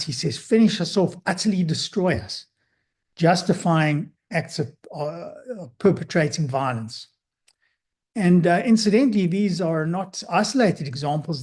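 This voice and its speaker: Man, psychologist, lecture talk, fairly high voice, husky tone, measured with pauses and restarts. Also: darkish tone.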